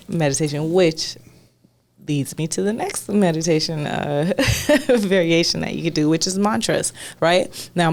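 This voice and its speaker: A woman co-hosts a podcast in easy, casual chat, laughing often and swearing freely. Her voice has a gravelly edge to it. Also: low voice, darkish tone. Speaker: podcast co-host.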